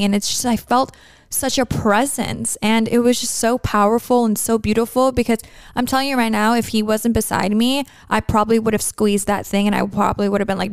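A woman's voice: on the high side, fairly even intonation, fairly quick, gravelly, clean tone, no echo, clean studio sound. A young woman hosting a podcast, chatting in a rambling, earnest way about her faith and daily life. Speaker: podcast host. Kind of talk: casual podcast chat.

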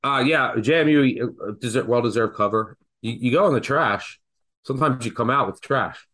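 A man hosting a casual sports betting podcast, telling stories in an animated, excitable way. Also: mid-range voice, moderate pace. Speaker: podcast host.

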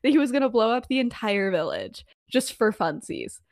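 A woman's voice: on the high side, sing-song, normal speed, no echo, clean studio sound. Woman doing a sarcastic teenage joker boy. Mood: mocking. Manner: sarcastic, dismissive.

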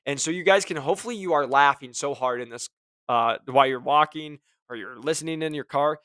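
An energetic man hosts a casual motivational talk, talking in a fairly high voice and joking as he acts out what other people might say. The sound is dry and close, with almost no room. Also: fairly quick, no room sound. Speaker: host.

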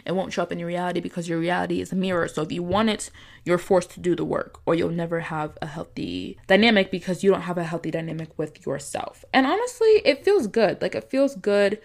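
Young female podcast host, calm, low-pitched for a woman, chatty and earnest. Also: fairly quick, creaky. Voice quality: calm soft-spoken voice. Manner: chatty, filler-heavy, earnest advice-giving. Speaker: podcast host, manifestation coach. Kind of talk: casual solo podcast monologue.

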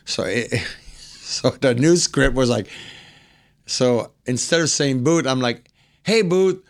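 A man's voice: slow, vocal fry. A man guest on a podcast, telling a story and acting out the quotes in different voices. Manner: acts out quotes, swings higher when excited. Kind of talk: animated storytelling.

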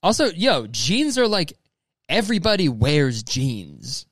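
A young man riffs through messages in loose, profane commentary, calling everyone "dude" and slipping into mocking voices. His pitch swings widely from line to line. The sound is dry and close, with no room around it. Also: wildly swooping pitch, slow, no room sound. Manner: profane, rambling, says "dude" constantly; mocking, slips into exaggerated quoted voices. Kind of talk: casual comedic commentary reading messages aloud.

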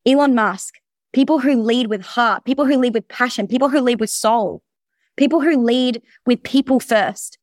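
Woman coach, high voice, rapid-fire, blunt and sweary, dry close sound. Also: no echo. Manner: energetic, blunt, swears freely. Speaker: business coach. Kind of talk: recorded presentation.

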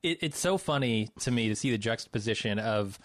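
A man co-hosting a casual movie-review chat, sardonic and quick to swear and laugh. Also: lowish voice, animated, no echo.

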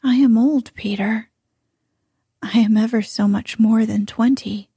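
A woman voicing a gentle, wistful grown woman, in a soft, hushed bedtime-story reading. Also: on the high side, fairly even intonation, a little slow, breathy edge, no echo, clean studio sound, heavily acted.

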